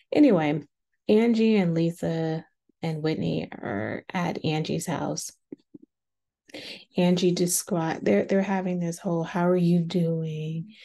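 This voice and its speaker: A woman's voice: fairly low pitch, vocal fry. A woman casually recapping a reality TV episode, chatty and acting out the quotes. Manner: chatty, acts out quotes in a lively voice.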